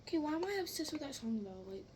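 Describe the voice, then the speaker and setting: High-voiced young girl chatting about slime. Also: sing-song, quick pace, darkish tone, a little hiss or hum, rough recording. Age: child. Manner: chatty, easily amused, exaggerated reactions. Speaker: slime vlogger. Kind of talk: casual vlog chat.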